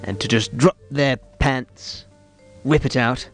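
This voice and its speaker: A man hosting a comedy radio show, rambling in a mock-earnest, deadpan way. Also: medium pitch, slow pace, creaky, soft background music. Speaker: radio host.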